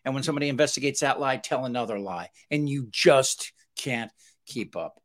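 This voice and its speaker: A man's voice: mid-range voice, moderate pace. Chatty male talk show host. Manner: chatty, laughing, many restarts. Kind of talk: casual political talk.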